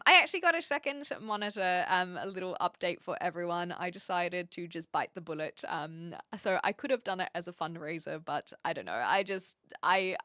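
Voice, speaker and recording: A woman's voice: medium pitch, pushed and bright, dry recording, studio quality. A woman with a light New Zealand accent, chatting casually with her live chat from her home streaming room into a stand mic, giggly and self-mocking. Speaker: Twitch streamer.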